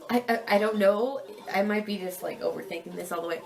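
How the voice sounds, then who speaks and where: A woman's voice: medium pitch, fast, vocal fry. A young woman on a student exchange, chatting casually with a friend, giggly and thinking aloud with lots of hedges. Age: young adult. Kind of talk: casual chat.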